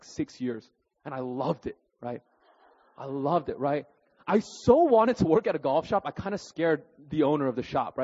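A man in his thirties preaching through personal stories, animated and self-deprecating, tagging his sentences with "right?" and "okay?". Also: a little high. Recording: dull recording with long hall reverb.

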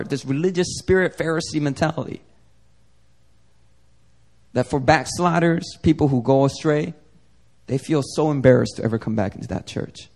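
A man's voice: expressive, moderate pace, gravelly. Conversational young male preacher. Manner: conversational, rising to emphatic peaks, then dropping soft and low. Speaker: pastor. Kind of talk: sermon.

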